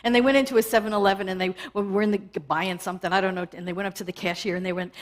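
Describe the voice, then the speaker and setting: A middle-aged woman minister from New York gives a lively, conversational sermon, often checking in with the audience by asking "right?" Her medium-pitched voice moves very fast with hardly any pauses.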